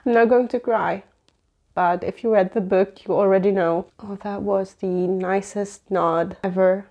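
A woman chatting through a book unboxing at an unhurried pace. Her voice sits at a middling pitch, and she keeps gasping and exclaiming over each item. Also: steady tone, warm tone, lo-fi sound. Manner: gushing, exclamatory, frequent gasps. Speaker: book vlogger. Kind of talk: unboxing vlog chat.

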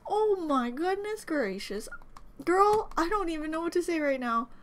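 A young woman reaction vlogger gushes through excited commentary in a very high-pitched voice with big pitch swings at a moderate pace. She keeps repeating exclamations and breaking off mid-word, while faint music from the video plays behind her.

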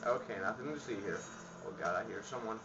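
A man commentating a game he plays, panicking and yelling at enemies, then muttering to himself. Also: on the low side, fast, noisy background. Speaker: let's play gamer. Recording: dull lo-fi with faint music.

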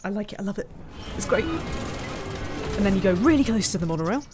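A woman's voice: mid-range voice, expressive, normal speed, music in the background. Woman muttering through a game. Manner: chatty, talks to herself, mutters frustrated asides. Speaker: game streamer. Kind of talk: casual let's-play commentary.

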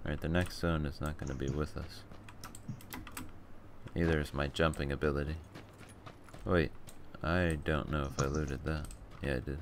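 A man's voice: extremely low pitch, steady tone, moderate pace, pauses often, background noise. A young man streaming a game, bantering and laughing casually with a friend. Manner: joking, laughing often. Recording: keyboard clicks behind voice.

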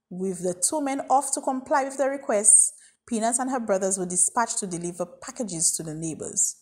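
Husky woman reading a story. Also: mid-range voice, animated, normal speed, a little mellow. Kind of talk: reading a children's story aloud.

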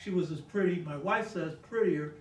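Older man, high-pitched, emphatic storyteller, casual talk, roomy echo, set back from the mic. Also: normal speed, distant mic. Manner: emphatic, keeps asking "you know what I mean?". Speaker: guest speaker on a talk show.

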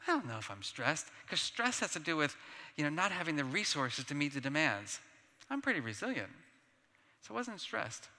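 A man giving a conference plenary talk, telling personal stories in an animated, self-deprecating way with laughs. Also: fairly high pitch, normal speed. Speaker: keynote speaker. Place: large conference hall. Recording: long reverb of a large hall.

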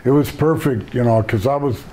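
A man's voice: mid-range voice, moderate pace, mellow. An older man, a retired pro wrestler, telling rambling laid-back stories in a casual interview and laughing at his own jokes.

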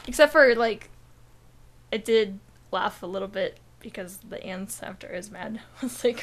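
A woman's voice: mid-range voice, moderate pace. A young woman co-hosting a podcast, telling a rambling story in casual chat, full of "like" and swearing. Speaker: podcast co-host.

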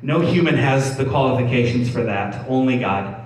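In a church hall, a man with a mid-range voice preaches at a moderate pace, reading scripture and explaining it in a conversational way. He frequently restarts and repeats words. The room echoes, the microphone sits far away, and a faint hum runs underneath.

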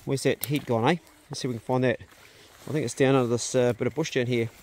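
Relaxed New Zealand man on a farm. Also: medium pitch, fast talker. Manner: relaxed, plain-spoken, chatty. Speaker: vlogger, farm owner. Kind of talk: casual narration on a farm walk. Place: rural farm outdoors.

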